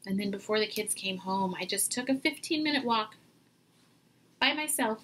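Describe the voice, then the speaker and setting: A woman and mother talking as a guest in a casual interview, animated and quick to act out what people say. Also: mid-range voice, low-quality recording. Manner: animated, acts out quoted voices. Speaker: podcast guest.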